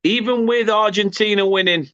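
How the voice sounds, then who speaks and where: Bright-voiced English fan commentating live. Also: male voice, sits high, moderate pace, clear, resonant tone, no room sound, dull audio. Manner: excitable, self-correcting, erupts at goals. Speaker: watchalong host.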